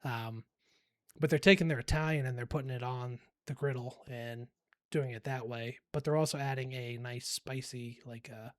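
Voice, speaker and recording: A man's voice: medium pitch, fairly even intonation, moderate pace, no echo, clean studio sound. A man around forty co-hosting a podcast, rambling easily in casual chat and laughing often. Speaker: podcast co-host.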